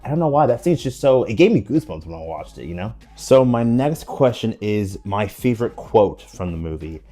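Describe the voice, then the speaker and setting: A man's voice: lowish voice, big pitch swings, brisk, warm tone. A young man reviewing a film in a casual, enthusiastic, rambling way, often restarting his sentences. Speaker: movie reviewer.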